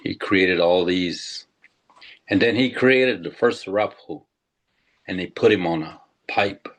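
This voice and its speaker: Very deep-voiced older man telling legends. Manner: slow, deliberate, with pauses. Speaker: tribal historian. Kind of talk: storytelling talk.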